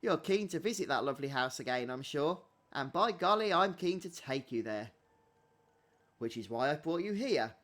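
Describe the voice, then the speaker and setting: A man voicing a whimsical, gentlemanly male rabbit guide with a lilting, overly polite manner, reading game dialogue aloud. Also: a little high, animated, normal speed. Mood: grandiose.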